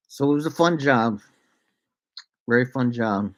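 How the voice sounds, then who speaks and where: A man's voice: mid-range voice, normal speed, long pauses. A man in a middle register tells a loose, rambling story straight to his viewers, as a vlogger does. He keeps it laid-back, laughs along the way and breaks into playful made-up sing-song lines. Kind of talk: casual storytelling to camera.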